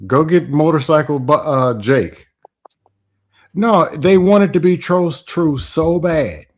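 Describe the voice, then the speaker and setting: A man's voice: a little high, takes it slowly. A man co-hosting a casual talk show, talking bluntly. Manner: blunt, animated, acts out quoted voices. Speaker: podcast co-host. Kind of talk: casual chat.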